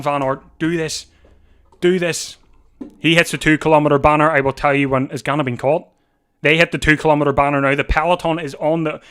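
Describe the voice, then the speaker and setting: Excitable man calling a race. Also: fairly high pitch. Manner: breathless, rising to shouts at the finish; talks fast over the race, repeating himself. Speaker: livestream watch-along host. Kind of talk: excited live race commentary. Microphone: desk mic.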